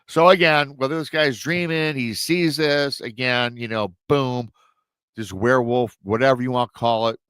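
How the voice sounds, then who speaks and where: A man's voice: mid-range voice, normal speed, fairly bright tone, no echo. Man, casual storyteller, rambling asides, mid-range voice, dry close sound. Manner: rambling, conversational asides to the audience. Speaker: host and storyteller. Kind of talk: casual retelling of a listener's story.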